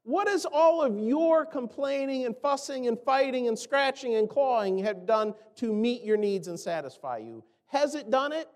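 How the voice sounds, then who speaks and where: A man's voice: very high-pitched, expressive, normal speed, hardly any pauses, a little mellow, long reverb tail. A man preaching a sermon in a conversational way, asking rhetorical questions and acting out the complaints he quotes. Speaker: pastor.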